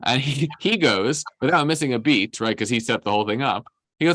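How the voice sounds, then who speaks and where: A man's voice: medium pitch, expressive, fairly quick, a bit bright, no echo. A man teaching a class in a casual, conversational way, often asking "right?" and acting out the characters' lines. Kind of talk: informal lesson retelling a story.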